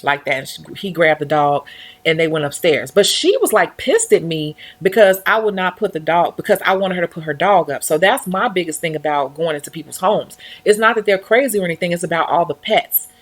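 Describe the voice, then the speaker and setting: A woman's voice: fairly low pitch, lively intonation, brisk. A woman talking casually on her own livestream about life as a nail technician. She tells her stories with animation and acts out other people's voices along the way.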